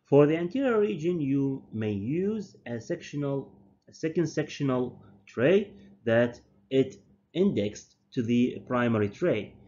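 A man, a native Arabic speaker, giving a university dental lecture slowly and deliberately, often repeating and correcting his terms. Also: mid-range voice, animated, warm tone, slight background noise. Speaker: dental professor. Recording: dull lo-fi lecture recording.

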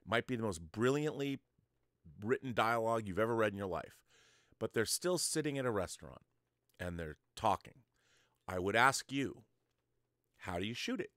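A man's voice: on the low side, lively intonation, moderate pace, pauses often, a bit bright, dry recording, clean studio sound. A man hosting an online show, explaining film-making to his viewers in a lecturing, conversational way. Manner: talks straight to the viewer, lecturing with examples. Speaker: host.

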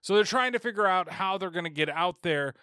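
Bright-voiced sarcastic podcast guy. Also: high voice, lively intonation, a little fast, clear, resonant tone, no echo, clean studio sound. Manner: rambling, profane, sarcastic. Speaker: podcast host. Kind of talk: casual film review.

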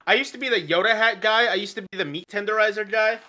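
A man streamer chatting casually on a podcast, jokey and lively. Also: fast talker. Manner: lively and jokey, animated swings in pitch. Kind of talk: casual chat. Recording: voice-chat mic, occasional cutouts.

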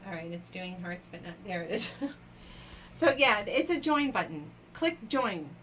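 A woman's voice: lowish voice, very animated, a little slow, fairly bright tone, slight background noise. A woman hosting a casual live jewelry auction stream, chatting with viewers by name and laughing often.

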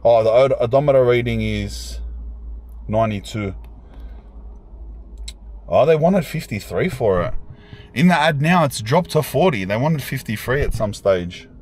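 A man's voice: mid-range voice, expressive, a little slow, long pauses, a little mellow, slight background noise. A young man, chatting casually and slangily as a vlogger at an outdoor car yard, thinking aloud as he goes. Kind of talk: casual vlog chat.

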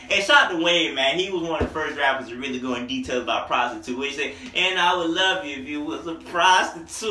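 Young male reviewer, casual and excitable, slangy talk, bright voice, echoey room, off-mic. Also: on the high side, distant mic. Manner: excited, slangy, sings snippets along with the tracks. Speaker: music reviewer.

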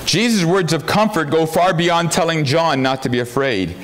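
A man's voice: fairly high pitch, moderate pace. A pastor preaching a sermon, earnest and tender in his storytelling, rising to fervent emphasis.

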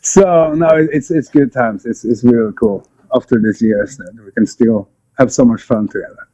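A man's voice: mid-range voice, moderate pace, warm tone, muffled recording. A Norwegian man, a guest musician, chatting casually in English with many fillers and restarts. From Norway. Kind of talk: casual remote interview.

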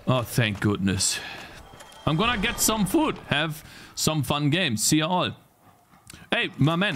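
A young man streaming live gameplay commentary, swearing and yelling at the game, then apologizing. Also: a little high, slight background noise.

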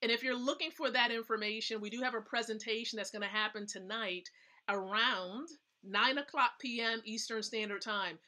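A woman's voice: fairly high pitch, moderate pace, bright, forceful tone. A woman hosting a casual live stream, giving chatty, emphatic tips and often checking in with her viewers. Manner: chatty, emphatic, asks the audience questions. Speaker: host.

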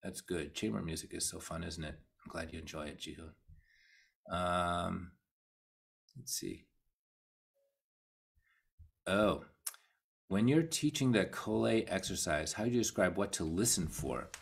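A man with an American accent giving a casual live online cello lesson, explaining ideas and counting beats out loud. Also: low-pitched, a little slow, vocal fry, pauses often. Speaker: cello teacher. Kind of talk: live online masterclass talk.

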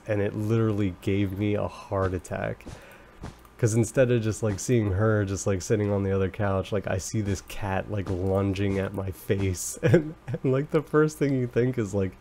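Young man, gravelly, rambling let's play commentary, excitable, faint hiss. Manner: rambling, excitable, jumps into high squeals when startled. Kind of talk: casual gameplay commentary.

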